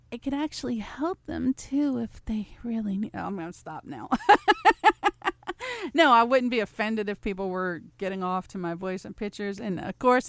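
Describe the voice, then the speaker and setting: A woman's voice: mid-range voice, no room sound. A woman hosting her own show, reading out listener questions and answering them in a chatty, teasing way, laughing often and rambling with restarts. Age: adult, past college. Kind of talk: casual solo chat show.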